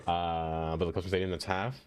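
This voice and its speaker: A man streaming a game live, chatting casually with his viewers, laughing often and jumping into high excited exclamations. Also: brisk, a little hiss or hum. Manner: chatty, laughs often, talks straight to chat.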